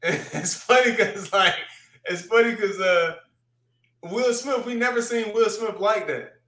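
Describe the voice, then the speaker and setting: A man in loose podcast chat, swearing freely and circling back on his own words. His voice sits high and bright, and it rings in a roomy, echoing space. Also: a little slow. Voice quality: profane, rambling with restarts, animated when retelling. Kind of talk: casual chat.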